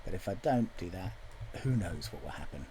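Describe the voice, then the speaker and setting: A man's voice: low-pitched, animated, brisk, noisy background. A man chatting casually to himself while composing a musical, joking as he thinks aloud at his computer. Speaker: musical writer.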